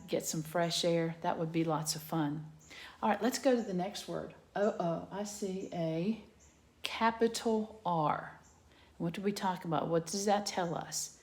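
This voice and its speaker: A woman teacher giving a patient phonics lesson to young children from her home garage, sounding out letters slowly. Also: lowish voice, a little mellow, reverberant.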